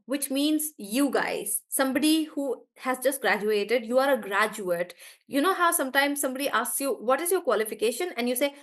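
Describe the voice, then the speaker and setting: A woman's voice: sits high, fairly bright tone. A woman teacher, chatty in a live online class, explaining word stress through spoken examples. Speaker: English pronunciation teacher.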